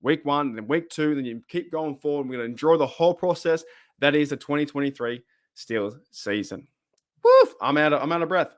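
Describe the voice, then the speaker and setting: Excitable man. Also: fairly high pitch, brisk. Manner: excitable, rambling fan enthusiasm. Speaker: fan channel host. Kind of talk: casual vlog talk.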